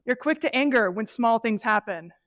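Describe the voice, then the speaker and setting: A middle-aged woman presenting a live workshop, animated and conversational, acting out inner voices as she teaches. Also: a little high, normal speed, no room sound. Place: event space with an audience.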